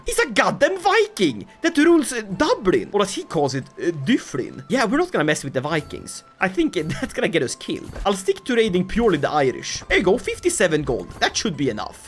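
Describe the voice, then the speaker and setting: A game commentator giving comedic strategy game commentary, full of sarcastic asides and laughs. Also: slightly rough. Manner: lively, swinging pitch with mock-dramatic outbursts.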